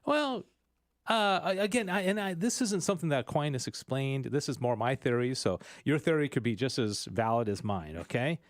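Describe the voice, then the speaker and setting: A man hosting a radio show, explaining things in a rambling, animated way. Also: mid-range voice, moderate pace, dry recording, clean studio sound. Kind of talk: casual teaching chat. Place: radio studio.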